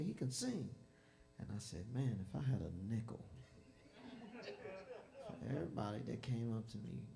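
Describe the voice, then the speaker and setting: A man hosting a live jazz show, telling an animated story between songs and acting out the dialogue. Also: mid-range voice, gravelly, slight background noise. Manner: animated, acts out dialogue with lively voices. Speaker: bandleader and host of a jazz concert. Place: music venue stage. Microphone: stage microphone.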